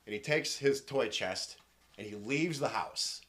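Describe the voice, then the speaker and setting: A man's voice: medium pitch, unhurried, fairly bright tone. A man narrating a tabletop role-playing game as game master, telling the story in a hesitant, unscripted way with frequent restarts.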